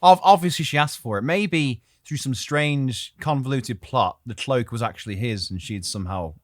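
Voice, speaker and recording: A man's voice: mid-range voice, moderate pace, no echo, clean studio sound. A man, co-hosting a podcast and telling a story in a casual, jokey way, with frequent laughs and rambling asides.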